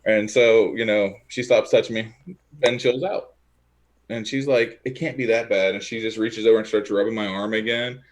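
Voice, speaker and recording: A man's voice: fairly low pitch, moderate pace. A man chatting casually at home as a guest, telling a rambling story and acting out what people said. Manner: rambling, animated storyteller who acts out quotes. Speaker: guest, e-liquid maker.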